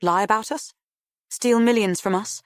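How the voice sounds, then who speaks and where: A woman voices a prim, composed wife firing accusations. The delivery is brisk and precise. The sound is close and dry. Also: mid-range voice, no echo, pitched above the performer's own voice, close to an everyday voice. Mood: accusing. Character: prim, cold woman interrogating her former friend.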